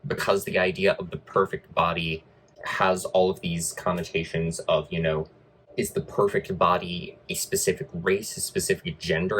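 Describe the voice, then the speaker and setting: A man's voice: sits low, a bit bright, slightly rough, rough recording. A man giving a casual film review with wry, sarcastic asides.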